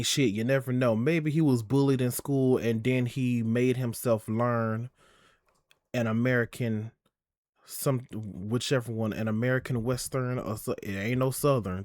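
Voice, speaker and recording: A man's voice: medium pitch, a little mellow, dry recording, studio quality. Sassy chatty young man streaming. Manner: sassy, chatty, swearing, calls chat "girl" and "y'all". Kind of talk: casual live-stream chat.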